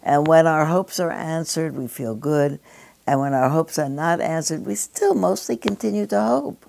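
An older woman with a strikingly deep voice speaks to a gathering. She muses and digresses, and often slips into chatty asides. The tone is reflective and unhurried. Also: animated, gravelly, darkish tone. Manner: rambling, digressive, with conversational asides. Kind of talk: reflective spoken address.

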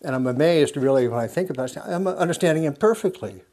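A man telling a personal story to a group in a reflective, conversational way, often restarting his sentences and laughing softly. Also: fairly high pitch, animated. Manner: halting and self-correcting, with frequent soft laughs; musing and conversational. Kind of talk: reflective spoken talk with anecdote.

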